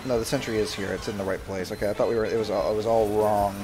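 A young man livestreaming a game, bantering loudly and sarcastically with his chat in mock outrage. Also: fairly low pitch, fairly even intonation, very fast, faint music behind. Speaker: streamer. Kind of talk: live gaming stream chatter.

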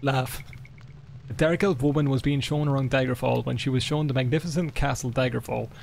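A man streaming a game live, swearing, laughing and reading in-game books aloud with excitement. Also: medium pitch, a little fast, creaky, a little hiss or hum. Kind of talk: live gameplay commentary.

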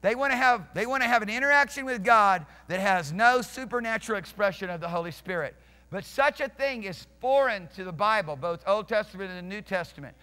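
A man's voice: high voice, lively intonation, brisk, pushed and bright. A male pastor preaching a sermon emphatically, restarting phrases and questioning his congregation. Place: church sanctuary. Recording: reverberant church hall.

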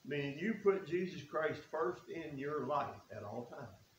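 A man's voice: a little high, animated, a little slow. A man preaching a sermon in a church, folksy and earnest, reading scripture aloud. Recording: echoey room with faint hiss.

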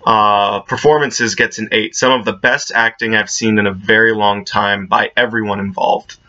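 A man reviewing a movie in a casual, relaxed monologue, with lots of filler "uh"s and easy laughs. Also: lowish voice, normal speed, muffled recording.

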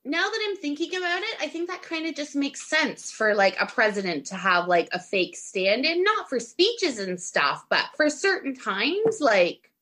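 A woman with a high, bright voice chats as a podcast co-host. She tells gossip with animated energy and slips into quick impressions of the people in the story. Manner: animated storyteller, mimics others with put-on voices. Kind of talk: casual gossip chat.

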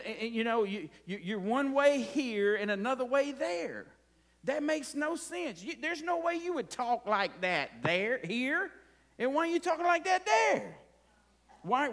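A man's voice: very high voice, a bit bright. A man preaching a conversational sermon as pastor, asking the congregation frequent rhetorical questions.

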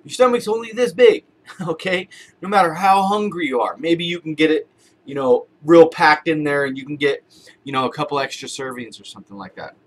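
A man's voice: on the high side, lively intonation, fairly quick. Casual motivational man talking to camera. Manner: conversational, repeats phrases, uses everyday examples. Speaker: motivational vlogger. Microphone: camera-mounted shotgun mic.

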